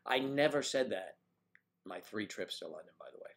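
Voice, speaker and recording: An American man hosting a casual livestream from home, reading viewer comments with playful, teasing banter. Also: moderate pace. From United States. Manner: playful, teasing, animated jumps in pitch. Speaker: livestream host.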